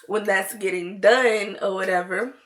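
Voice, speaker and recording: A woman's voice: medium pitch, steady tone, unhurried, fairly bright tone. A woman vlogger telling a story in casual chat, with laughing asides to her viewers.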